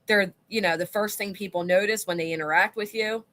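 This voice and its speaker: Bright-voiced chatty woman livestream host. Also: mid-range voice, steady tone, a little fast. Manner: chatty, rambling, reads chat aloud. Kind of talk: casual livestream chat with viewers.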